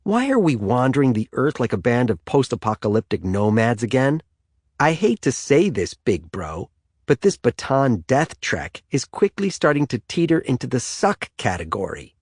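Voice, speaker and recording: A man's voice: medium pitch, sing-song, normal speed, a little mellow, slightly rough, no room sound, clean studio sound. A man voicing a sarcastic, complaining teenage boy in an audiobook. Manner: sarcastic, whiny.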